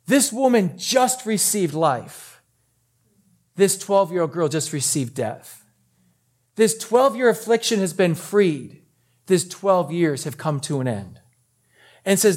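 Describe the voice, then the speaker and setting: A man's voice: sits high, lively intonation, normal speed. A man preaching a sermon, telling the story in a casual, conversational way and acting out the voices of the people in it. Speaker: pastor.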